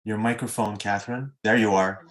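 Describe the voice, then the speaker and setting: Guy running a zoom q&a, lowish voice, polite, bit jokey, lots of ums. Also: steady tone, brisk. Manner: courteous, lightly joking, with many fillers. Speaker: moderator of an online Q&A. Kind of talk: moderating a video-call Q&A. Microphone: video call.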